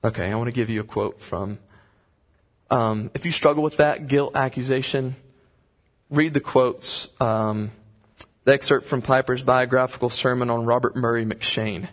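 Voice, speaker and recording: A man preaching a sermon, earnest and impassioned, moving into slow prayer. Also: mid-range voice, steady tone. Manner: impassioned, rising to fervent pleading when reading aloud.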